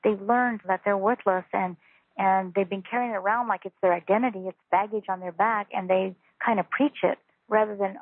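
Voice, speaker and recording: A woman, a spiritual teacher, talking calmly and earnestly as a guest on a phone interview. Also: medium pitch, brisk, no room sound. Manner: calm, earnest, instructive. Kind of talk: interview over a phone call. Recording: tinny phone line.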